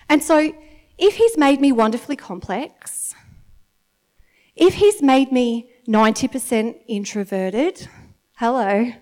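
High-voiced Australian woman preaching animatedly. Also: slow pace. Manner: animated and chatty, laughs often, gets worked up. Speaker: church speaker. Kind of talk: lively sermon to a congregation. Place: church meeting in front of an audience.

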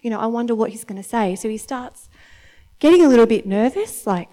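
Chatty woman preaching a warm sermon. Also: on the high side, animated, a little fast. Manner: chatty, storytelling, keeps checking in with the audience by asking "okay?". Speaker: church speaker and mother of several. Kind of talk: conversational sermon.

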